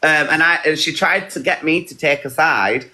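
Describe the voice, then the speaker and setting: A man's voice: a little high, normal speed, pushed and bright. Blunt man telling a heated story. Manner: blunt, recounting quotes in a rush. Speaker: live stream host.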